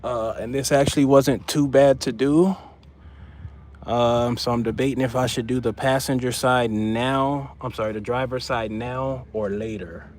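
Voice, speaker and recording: A man's voice: mid-range voice, fairly even intonation, measured pace, a little mellow, a little hiss or hum. A man chatting casually on a livestream while he works on a car as a part-time mobile mechanic, repeating himself for emphasis.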